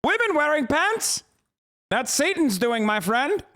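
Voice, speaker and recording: A man's voice: sing-song, unhurried, bright, forceful tone, full character voice. A man voicing a pompous, old-fashioned male moralist with a transatlantic accent, scandalized by dancing. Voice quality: high theatrical pitch, pompous.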